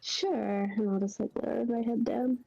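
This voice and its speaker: A woman's voice: a little high, fairly even intonation, normal speed, gravelly, mellow, highs cut off. A woman player in a tabletop game, talking playfully and casually. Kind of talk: casual tabletop role-play.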